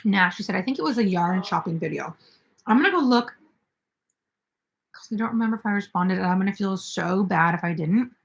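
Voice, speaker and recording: A woman's voice: medium pitch, lively intonation, fairly quick, creaky. A young woman in casual chat as the host of a crochet livestream, reading viewer comments aloud and answering them.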